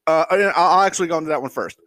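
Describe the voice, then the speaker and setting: Speaking rapid-fire in a slightly high voice with no echo, this middle-aged podcast host delivers a casual comedic rant. He tells his story with animation, loads of profanity, and frequent bursts of laughter.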